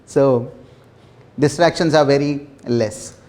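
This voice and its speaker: A man leading a small self-development workshop, talking earnestly with repeated phrases and soft laughs. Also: mid-range voice, takes it slowly. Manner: earnest, repetitive, laughs softly between phrases. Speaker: workshop facilitator. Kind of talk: motivational workshop talk.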